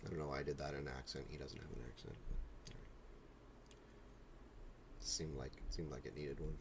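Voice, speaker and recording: A man in his forties with an extremely low, gravelly voice speaks in a level tone, a little fast, over background noise. He's live-streaming from his home hobby room, which has a printer and an air purifier, rambling casually, joking, and making self-deprecating asides while painting miniatures.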